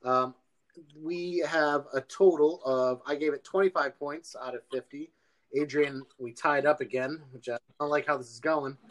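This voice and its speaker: A man hosting a podcast in casual chat, laid-back and pausing often with ums. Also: on the high side, steady tone, a bit bright. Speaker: podcast host.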